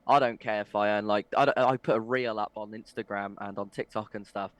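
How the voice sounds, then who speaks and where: A man's voice: on the low side, fairly even intonation, brisk, no echo. A young man, a musician guest, chatting casually and enthusiastically, with many "like"s and "mate"s. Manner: enthusiastic, laughs easily, uses "like" and "mate". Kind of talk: casual interview chat.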